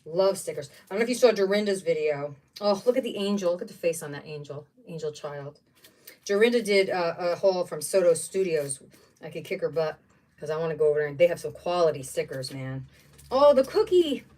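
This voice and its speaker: Livestream craft host, a woman with an animated, gushing delivery, miked from a short distance. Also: fairly low pitch, brisk. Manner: chatty, gushing, exclaims over each item. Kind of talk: casual livestream chat while unboxing craft supplies. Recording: voice somewhat distant from the mic.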